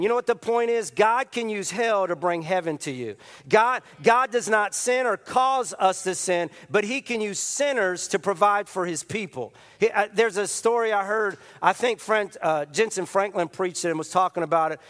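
A middle-aged man preaching as a pastor, his voice high for a man and lively with repeated phrases and restarts. He tells stories as he goes, and a long reverb rings through the large church around him. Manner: animated, repetitive storytelling with restarts. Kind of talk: sermon.

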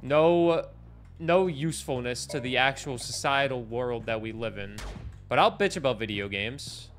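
A man streaming a video game live, talking in a loud, ranting manner that can sound angry, with bursts of near-shouting. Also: medium pitch, measured pace, faint music behind. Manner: loud, animated, ranting and complaining. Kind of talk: casual live-stream commentary while playing.

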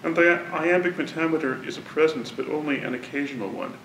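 Seated at a distance from the microphone, a man with a creaky, fairly bright voice reads a prepared literary introduction in a university lecture hall. His delivery is measured and deliberately academic; the hall's echo trails his words over a faint underlying rumble.

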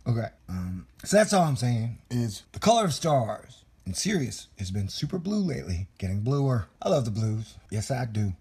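Husky, rambling man vlogging. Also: mid-range voice, a little mellow. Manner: loose, musing, talks to viewer with asides and laughs. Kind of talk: rambling casual monologue.

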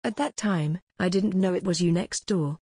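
A guarded young man speaks through clenched composure, as a woman narrator gives his lines. Her voice is husky and sits low, recorded close and dry for an audiobook. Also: normal speed, warm tone, no echo. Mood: tense.

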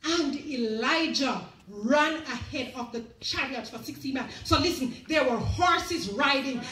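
A woman's voice: high voice, expressive, normal speed, sharp tone, some chatter behind. A woman preaching a sermon, telling a story and acting out its people in their own voices. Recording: echoey church hall, mic at a distance.

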